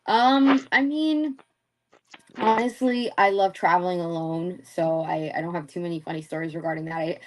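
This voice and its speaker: A woman's voice: fairly low pitch, moderate pace, a little hiss or hum. A young woman chatting loosely as an interview guest, laughing often and swearing freely. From Philadelphia area. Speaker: interview guest, former wrestler. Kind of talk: casual chat.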